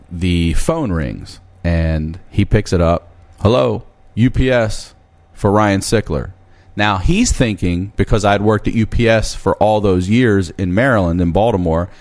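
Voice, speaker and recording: A man in his thirties telling a long story on a podcast, animated and swearing freely. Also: low voice. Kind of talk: casual storytelling chat.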